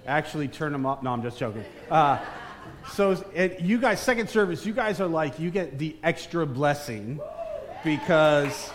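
Joking preacher in a big echoey hall. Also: male voice, a little high, normal speed. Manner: joking, energetic, teasing the crowd. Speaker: guest pastor. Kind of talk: live church sermon with banter. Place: large church hall with congregation. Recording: distant reverberant hall, faint room noise.

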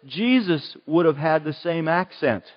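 A man's voice: on the high side, animated. Western Pennsylvanian male pastor, chatty sermon delivery, lingering church echo. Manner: conversational preaching, slows on key words. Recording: dull, long church reverb.

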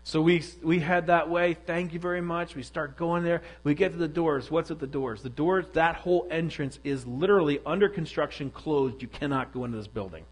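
A man's voice: fairly high pitch, brisk, hardly any pauses, rough recording. A middle-aged man giving a sermon, telling a personal story in a candid, self-deprecating way. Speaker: pastor.

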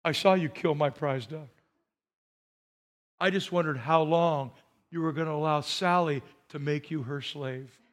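A man voicing a kind, forgiving old grandmother in a sermon story, speaking softly and gently. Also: fairly high pitch, measured pace, close to an everyday voice. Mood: gentle.

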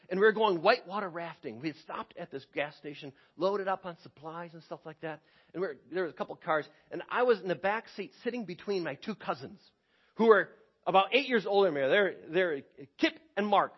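A man preaching a sermon, telling a personal story with lively energy and repeating words as he starts phrases. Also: high voice, muffled recording.

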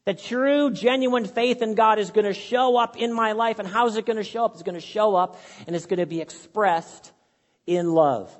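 A pastor with a high male voice delivers a sermon to his congregation at normal speed, earnest and conversational. He relies on repetition to drive his points home, and a long hall reverb from the church sanctuary colors the sound.

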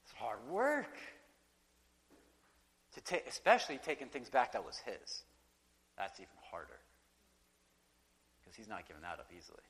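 A man preaching a sermon in a conversational, animated way, acting out quotes and asides. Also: lowish voice, a little fast, pauses often, slight background noise. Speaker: pastor. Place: church sanctuary. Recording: long reverb of a large hall.

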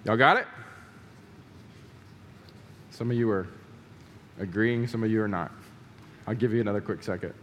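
A man's voice: fairly low pitch, fairly even intonation, normal speed, pauses often, fairly bright tone, long reverb tail, slight background noise. A man preaching a sermon to his church, emphatic, repeating key words and putting questions to the congregation. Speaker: pastor. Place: church sanctuary.

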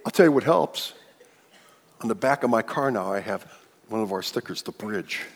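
A man preaching a sermon as pastor in a church, animated and joking with the congregation. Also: mid-range voice, breathy edge. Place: church sanctuary. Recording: long church-hall reverb.

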